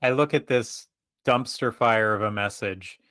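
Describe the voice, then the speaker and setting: A man playing a tabletop game, talking in a wry, deliberate way and thinking aloud. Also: fairly low pitch, a bit bright, smooth, no room sound. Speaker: player. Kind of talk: casual tabletop play.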